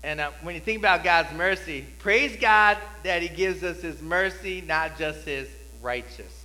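A male pastor preaching a sermon in a conversational style, building to loud, repeated cries. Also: fairly high pitch, normal speed, big-room sound.

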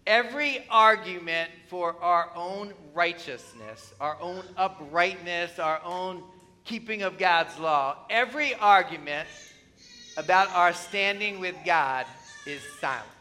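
A man's voice: high-pitched, slow pace, bright, forceful tone, soft background music. A man preaching a sermon to his congregation, emphatic and conversational, often asking the listeners questions. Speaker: pastor. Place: church.

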